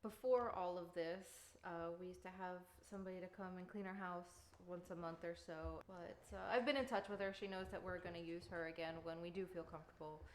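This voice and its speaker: A woman's voice: fairly low pitch, a little fast, few pauses, a little hiss or hum. A woman in her thirties chatting casually to camera while baking at home, rambling with lots of fillers. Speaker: vlogger and mother. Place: home kitchen.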